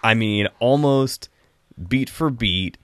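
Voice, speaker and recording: A man's voice: medium pitch, slow pace, clear, resonant tone, no room sound, clean studio sound. A man hosting a casual podcast chat, reviewing a film in a rambling, chatty way with frequent laughs.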